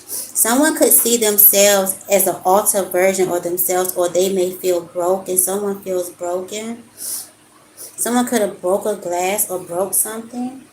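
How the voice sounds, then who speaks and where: A woman's voice: medium pitch, measured pace, a little mellow, echoey room, a little hiss or hum, poor audio. A woman giving an earnest spiritual card reading to her viewers, talking straight to them and calling them y'all. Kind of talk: live-stream card reading and talk.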